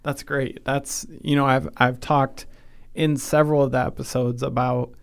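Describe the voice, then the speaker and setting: A man's voice: mid-range voice, flat delivery, normal speed, gravelly, smooth. A man hosting a podcast interview who talks in a friendly, self-deprecating and reflective way. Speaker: podcast host.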